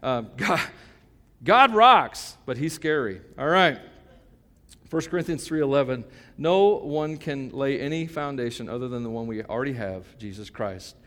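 A man's voice: mid-range voice, expressive, moderate pace, fairly bright tone. A man in his fifties, a pastor preaching a sermon in a conversational, joking and emphatic way. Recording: long hall reverb.

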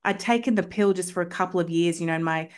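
A woman's voice: on the low side, quick pace. Chatty, enthusiastic woman guest. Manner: enthusiastic, chatty, frequent "like" fillers. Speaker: homeopath guest. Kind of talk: casual storytelling in a podcast interview.

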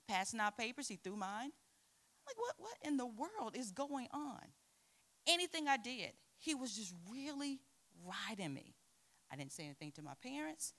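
A middle-aged woman preaching to a youth group, telling a personal story with lively acted-out quotes. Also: fairly high pitch, normal speed. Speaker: youth pastor.

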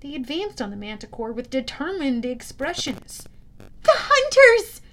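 Audiobook read by a woman with a high voice, steady and plain. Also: normal speed. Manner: steady storytelling with small self-corrections. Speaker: audiobook narrator. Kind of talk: audiobook narration.

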